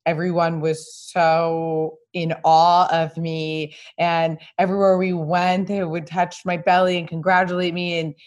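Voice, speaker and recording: A woman hosting a casual chat, candid and animated, often acting out what others said to her. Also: on the low side, measured pace, few pauses. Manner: candid, animated storyteller who acts out quotes. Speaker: podcast host.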